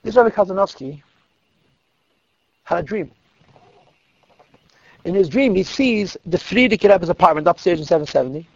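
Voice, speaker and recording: A man telling a Hasidic story to listeners in an animated, emphatic way, repeating words for stress. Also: high voice, normal speed, creaky, long pauses, no room sound. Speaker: religious storyteller. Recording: dull lo-fi, dry recording.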